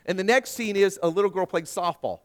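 Speaking a little fast in a high voice, a middle-aged pastor delivers a sermon built around a personal story, shifting from quiet, hushed passages into loud emphasis.

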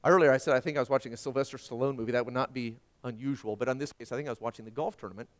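A middle-aged man preaching a sermon, telling a personal story and swinging from hushed tones to loud emphasis. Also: mid-range voice, very fast. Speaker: pastor.

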